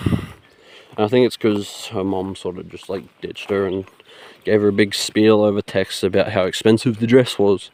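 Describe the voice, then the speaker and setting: A young man tells a rambling story straight into his phone, laughing and swearing freely. His voice sits low and sounds mellow and relaxed, with nothing sharp in it. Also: normal speed. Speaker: vlogger. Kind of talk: casual storytelling. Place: outdoors.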